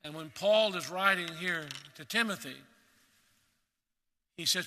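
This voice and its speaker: A man preaching a sermon in a measured, emphatic way, repeating key words for weight. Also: a little high, sharp tone, big-room sound.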